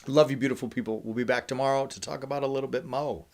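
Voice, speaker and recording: A man hosting a faith ministry livestream, teaching in a lively, conversational way and often checking in with "right?". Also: mid-range voice, quick pace. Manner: energetic, conversational, with frequent "right?" asides. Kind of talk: casual teaching talk.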